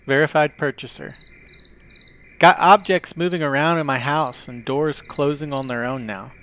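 A man hosting a podcast reads customer reviews aloud with dry humor. His voice sits a little higher than most men's. He delivers the lines in an easy, playful hosting manner. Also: normal speed, a bit bright, slight background noise. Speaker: podcast host.

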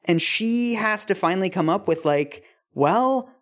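A woman's voice: fairly low pitch, expressive, moderate pace. A woman co-hosting a podcast in casual chat, analytical and blunt, swearing casually. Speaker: podcast co-host.

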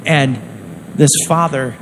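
A man's voice: mid-range voice, steady tone, slow, slight background noise, poor audio. A man preaching a sermon in an earnest, conversational way, acting out quotes as he goes.

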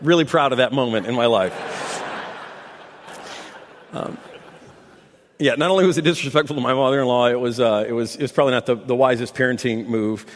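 A man preaching a sermon as pastor, telling stories in a relaxed, conversational and self-deprecating way. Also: medium pitch, brisk, long pauses, a little hiss or hum. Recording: long echo of a large hall.

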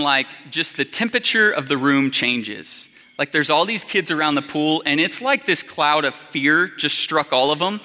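A man in his thirties delivers a sermon from a church hall, his voice pitched high and very bright. He preaches in a loose, storytelling way, packed with fillers. Long reverb trails every phrase. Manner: conversational storytelling with many fillers. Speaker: pastor.

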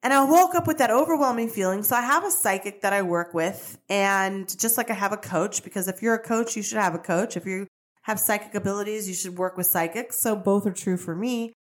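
A woman hosting a podcast, telling a personal story in a chatty, animated way that wanders off on tangents. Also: mid-range voice, fairly quick. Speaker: podcast host.

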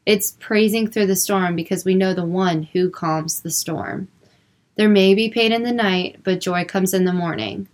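A young Christian woman talks earnestly about faith and emotions, personal and unscripted, with plenty of filler words. Her voice is on the low side and her pace is moderate.

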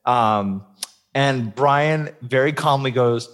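A man's voice: medium pitch, slow. Man telling stories with animation. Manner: animated storytelling, laughing often. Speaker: podcast co-host. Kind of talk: casual chat.

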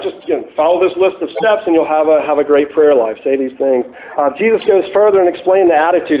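A man preaching a casual, conversational sermon, full of fillers and restarts, joking as he goes. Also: on the high side. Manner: casual, chatty, many fillers and restarts, laughs at own jokes. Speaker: pastor. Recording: echoey room on tinny phone-like line.

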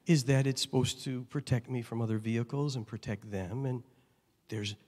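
A man's voice: medium pitch, fairly even intonation, normal speed. Preaching man from Chicago in a hall. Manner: storytelling with acted-out dialogue, swinging between loud and hushed. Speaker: pastor. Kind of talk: sermon. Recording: long reverb of a large hall.

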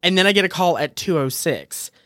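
Animated storytelling woman, dry close mic. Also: lowish voice, brisk, dry recording. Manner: animated, acts out quoted people. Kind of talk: casual chat, storytelling.

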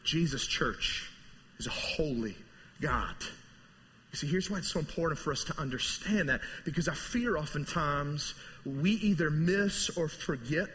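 A male pastor preaching a sermon, telling the story vividly and swinging between soaring lines and hushed ones. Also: fairly high pitch, slightly rough. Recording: long hall reverb.

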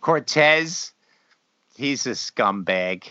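Swearing, rambling man with a bright voice. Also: mid-range voice, expressive, very slow, no room sound. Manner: profane, rambling, trails off and restarts. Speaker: podcast co-host. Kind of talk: casual chat. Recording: slightly dull lo-fi sound.

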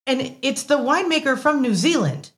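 A woman in her late thirties telling a work story as an interview guest, animated with quick asides and laughs. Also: high-pitched. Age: late 30s. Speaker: wine sales guest. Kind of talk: casual storytelling.

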